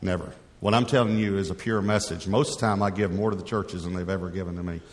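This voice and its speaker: Middle-aged pastor preaching in a reverberant hall. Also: male voice, deep voice, steady tone, fast. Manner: conversational, rambling, with frequent restarts. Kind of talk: storytelling sermon. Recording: long reverb of a large hall.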